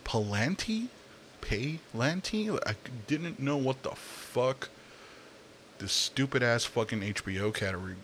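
A man's voice: fairly low pitch, a bit bright, a little hiss or hum. A young man ranting casually in a profane, rambling monologue, with fillers and sighs. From Latino, Spanish speaker.

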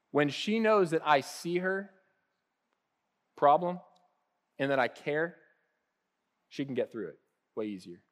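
A man in his thirties, a pastor giving a relaxed, conversational sermon that swings between lively acted-out asides and soft, hushed moments. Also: on the high side. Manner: casual and animated, acting out little voices, with laughs and soft hushed asides.

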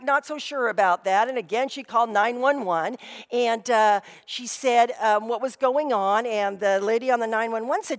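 Woman pastor, sermon, chatty storytelling, fairly high voice, long hall reverb. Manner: conversational storytelling with frequent "you know".

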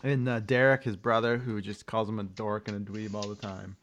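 A man's voice: on the low side, level tone, a little fast, a bit bright, slight background noise. A man co-hosting a podcast, rambling casually through a recap with loose swearing. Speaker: podcast co-host. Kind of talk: casual chat.

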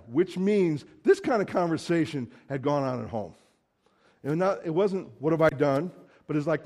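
A man's voice: a little high, lively intonation, normal speed, darkish tone. A man preaching a sermon in a conversational, emphatic way, acting out quoted lines.

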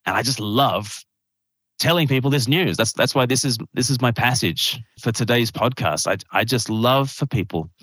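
A man, an evangelist and minister, preaching warmly and explaining a word as a podcast guest. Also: fairly low pitch, no room sound. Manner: fervent, builds rhetorical questions.

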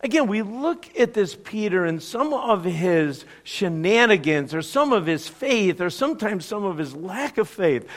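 Male preacher, energetic storyteller, higher voice with wide pitch swings. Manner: lively storyteller acting out quotes. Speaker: pastor. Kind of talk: sermon storytelling.

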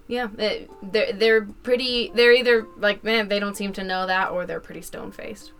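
A woman narrating as game master, with a casual manner and quick laughs. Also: medium pitch, fairly even intonation, a bit bright, faint music behind. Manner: casual, laughing, loose put-on accents for characters.

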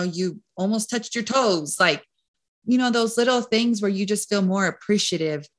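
Bright, chatty woman coach. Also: mid-range voice. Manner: rambling, heavy on "like" and "you know". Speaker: nutrition and mindset coach, guest. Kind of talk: casual podcast chat.

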